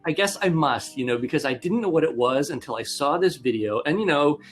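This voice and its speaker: A man's voice: on the high side, expressive, fairly quick, soft background music. A man co-hosting a podcast who chats in a rambling, self-mocking way. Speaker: podcast co-host. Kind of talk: casual chat.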